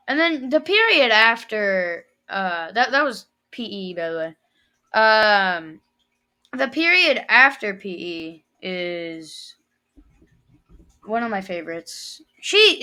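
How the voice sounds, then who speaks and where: A woman's voice: medium pitch, pushed and bright. A teenage girl telling a rambling, emotional story in a casual vlog, full of fillers. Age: teens. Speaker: vlogger.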